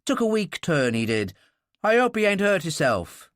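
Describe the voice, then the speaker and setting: A man's voice: sits high, moderate pace, no room sound, studio quality. A man playing a hearty, blunt ship's doctor. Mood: wry storytelling. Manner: hearty, animated, fond of telling stories. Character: blunt jovial older male ship's doctor.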